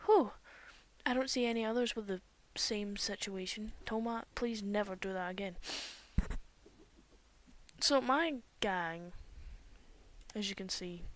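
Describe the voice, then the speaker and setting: A young woman giving casual commentary while playing a game, excitable, with loud outbursts and whispered asides. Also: medium pitch, unhurried, long pauses. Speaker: gaming streamer.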